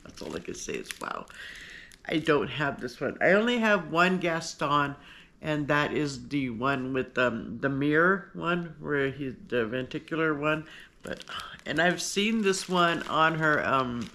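A woman hosting a casual unboxing vlog, talking in a gushing, excitable way. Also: deep voice, measured pace. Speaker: vlogger host. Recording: paper crinkling and clicks behind.

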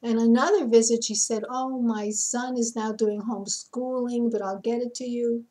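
A woman's voice: a little high, fairly even intonation, moderate pace, mellow, husky, low-quality recording. A woman vlogging a personal story in a casual, aggrieved way, often repeating words.

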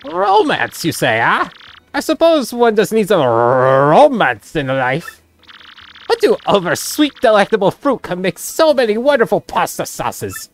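A woman's voice: medium pitch, huge pitch swings, a little slow. Woman putting on a boastful rich merchant man. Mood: excited. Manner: theatrical fake-Italian phrasing, grand boasts. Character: pompous rich male merchant, dramatic and greedy. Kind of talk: voicing game dialogue aloud.

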